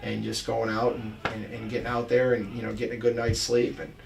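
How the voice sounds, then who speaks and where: A man's voice: on the low side, completely flat delivery, brisk, vocal fry. A middle-aged man from Buffalo, a college basketball coach, chatting casually and rambling through stories with many restarts and fillers. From Buffalo, New York. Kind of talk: casual podcast chat. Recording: distant mic with faint background noise.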